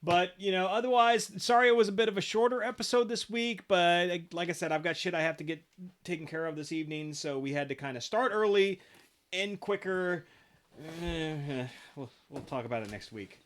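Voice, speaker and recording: A middle-aged man co-hosting a casual podcast, his voice sitting a little higher than most men's. He rambles loosely and drops the odd curse, talking easily into a podcast microphone. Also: fairly quick. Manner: relaxed, rambling, swears freely. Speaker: podcast co-host.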